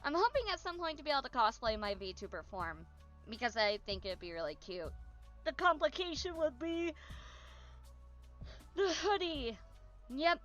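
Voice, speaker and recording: A woman's voice: sits high, very animated, normal speed, pauses often, fairly bright tone, faint music behind. Bubbly, tired woman streamer. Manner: chatty, bubbly, yawning and tired. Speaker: VTuber streamer. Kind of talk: casual stream chat.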